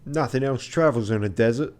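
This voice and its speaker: A man's voice: mid-range voice, brisk, darkish tone, lightly acted. A man putting on a French accent to voice an offhand airship crewman in a game, giving curt replies. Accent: French, put on.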